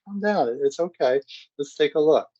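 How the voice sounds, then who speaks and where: A man's voice: medium pitch, normal speed, a little mellow, breathy edge, no room sound, voice pushed up, natural voice. Eager-to-please parent, raised sweet pleading voice done by a man, lo-fi. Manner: soothing, pleading.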